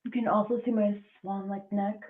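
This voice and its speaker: A woman's voice: mid-range voice, flat delivery, normal speed, phone-quality sound, a little hiss or hum. A woman in a casual livestream chat, joking about herself and swearing. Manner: joking, self-mocking, swearing.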